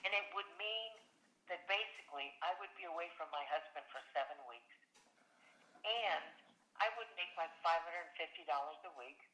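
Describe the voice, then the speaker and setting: Older woman, actress, interview, animated storyteller, bright tone, echoey room. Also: fairly low pitch, moderate pace.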